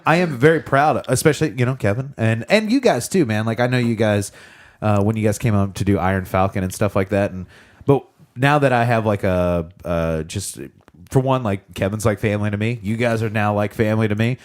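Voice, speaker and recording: A man's voice: lowish voice, lively intonation, brisk. A young man hosting a podcast in loose, rambling casual chat, laughing often. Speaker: podcast host.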